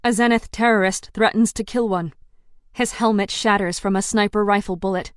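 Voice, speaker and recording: A woman's voice: medium pitch, steady tone, moderate pace, smooth, dry recording. A woman reading a first-person audiobook with tense, dramatic delivery. Her voice sits in a middle range. The recording is dry and close. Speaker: audiobook narrator.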